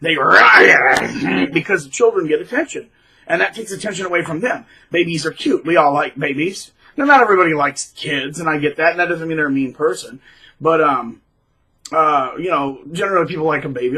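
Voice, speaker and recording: A man with a bright, slightly husky voice that sits a bit high. He speaks in a loose, rambling monologue. He is animated and restarts often. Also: a little fast, low-quality recording. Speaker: middle school teacher, vlogger. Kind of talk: casual monologue to camera.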